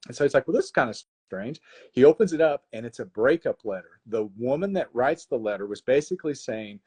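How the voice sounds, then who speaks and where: A man guesting on a live stream walks through a story in a casual, animated way. He often breaks off and restarts his sentences as he talks. His voice sits at an ordinary middle pitch. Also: fast, breathy edge. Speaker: guest author. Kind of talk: casual interview, retelling a plot.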